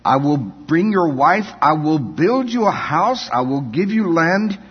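Brief: preacher doing a huge barrel-chested Afrikaans man, high and slow, heavy accent, husky, in a dull echoey hall. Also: very animated, exaggerated voice. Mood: insistent, generous. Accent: heavy Afrikaans-accented English.

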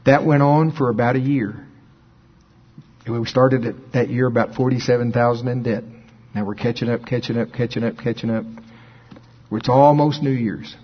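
An older man preaching, telling a story with lively quoted dialogue, his voice jumping high when he acts out phone calls. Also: muffled recording, a little hiss or hum. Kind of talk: sermon storytelling.

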